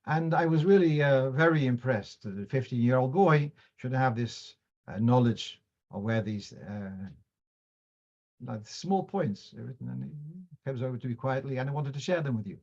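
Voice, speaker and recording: Male teacher giving a Jewish law class, mid-pitched, explains with examples, muffled recording. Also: animated, normal speed, a little mellow. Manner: explanatory, digressive, uses examples; mixes in Hebrew and Yiddish terms.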